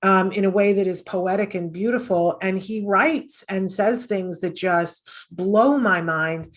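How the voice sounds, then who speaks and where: A woman's voice: mid-range voice, a little slow. A middle-aged woman talking earnestly as an interview guest, with many fillers and restarts. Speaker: podcast host and autism mom, guest. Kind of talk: conversational interview storytelling.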